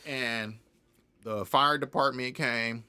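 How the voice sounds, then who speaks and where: Young man, bright forceful voice, casual interview guest, lively storyteller, laughs a lot. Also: medium pitch, slow, clear, resonant tone. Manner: animated, laughs often, acts out other people's lines. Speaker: independent music artist, guest.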